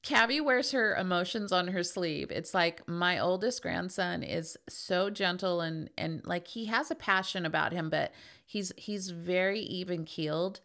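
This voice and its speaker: A middle-aged woman hosts a podcast in a relaxed solo monologue, her voice sitting a little low. She talks candidly and leans hard on her points, often slipping into quick impressions of other people. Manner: emphatic, candid, acts out quoted voices. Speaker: podcast host. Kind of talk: casual monologue.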